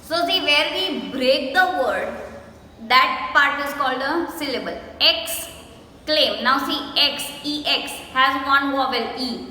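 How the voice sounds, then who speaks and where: High, bright Indian English teacher. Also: female voice. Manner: slow, spells words letter by letter and stretches syllables. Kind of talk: recorded classroom lesson. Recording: echoey room with faint noise.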